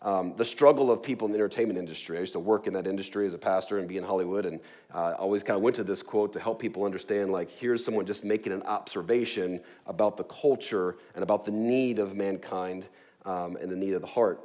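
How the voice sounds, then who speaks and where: A man's voice: low-pitched, fast. A man in his forties preaching a sermon in a conversational way, often checking in with "right?" and stressing key words. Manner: conversational, frequent "right?" asides, lively emphasis. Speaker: pastor.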